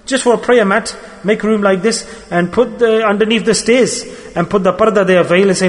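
A man's voice: sits high, normal speed, few pauses. A man preaching a sermon with emotive storytelling, repeating his key words. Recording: long hall reverb.

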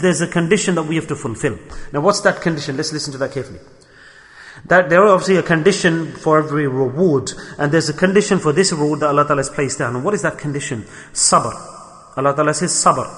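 A man's voice: sits high, fairly bright tone, long reverb tail. A man preaching a sermon to his congregation, asking rhetorical questions and acting out the complaints of others.

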